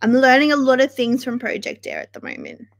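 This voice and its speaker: A woman's voice: sits high, huge pitch swings, brisk, creaky. A young woman hosting a casual livestream, chatting in a chatty, dramatic way and swearing freely. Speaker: livestream host.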